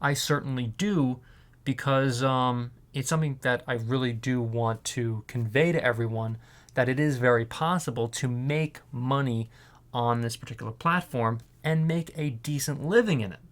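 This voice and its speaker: A man's voice: medium pitch, fairly even intonation, moderate pace. A man who is a voiceover artist, talking casually in a rambling way, his voice strained and worn out. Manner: rambling, with many fillers and restarts. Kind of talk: casual vlog talk.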